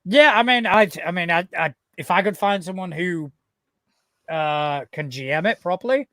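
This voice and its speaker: A man's voice: high voice, animated, moderate pace, bright, forceful tone, no room sound. A man with a northern English accent chatting casually as a podcast co-host, often restarting his words and swearing now and then. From north of England. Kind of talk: casual chat.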